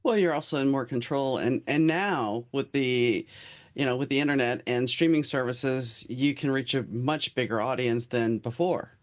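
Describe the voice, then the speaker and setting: A man's voice: medium pitch, normal speed. A man from New Orleans hosting a casual interview, asking questions and sharing his own stories. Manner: conversational, shares own stories. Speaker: show host.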